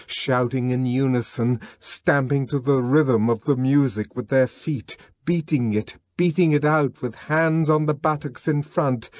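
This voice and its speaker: A man's voice: mid-range voice, no echo, clean studio sound. A man narrating an audiobook in a dramatic, scripted reading.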